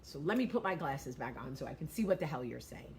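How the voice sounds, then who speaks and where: A woman in her forties hosting a vlog, giving blunt, profane, animated advice talk. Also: low-pitched, fast, slight background noise. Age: 40s. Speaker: vlog host.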